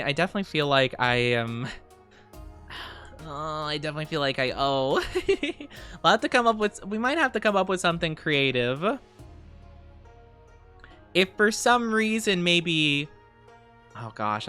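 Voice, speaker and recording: A woman streamer chats casually with her audience, laughing often and trailing off mid-thought. Her voice sits fairly low but swings widely in pitch, and it comes through smooth and clear. Soft music plays faintly behind her. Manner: giggly, chatty, reads chat aloud. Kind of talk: casual livestream chat.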